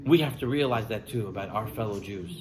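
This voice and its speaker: A man giving a sermon as a rabbi, telling stories with lively delivery and acting out the people in them. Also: on the low side, fairly quick, a crowd in the background, low-quality recording. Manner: animated storyteller, acts out characters' lines. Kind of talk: sermon with storytelling.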